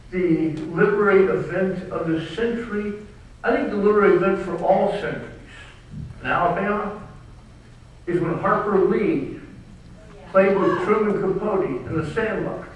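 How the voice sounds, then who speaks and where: An older man with a Southern US accent tells stories with emphasis and dry humor, his voice set high for a man. He sounds far from the mic in a very echoey room. A faint hum of the room sits behind him. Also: normal speed, pauses often. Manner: emphatic, wry storyteller. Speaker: author giving a talk. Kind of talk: storytelling talk to an audience. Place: large room at a bookstore event.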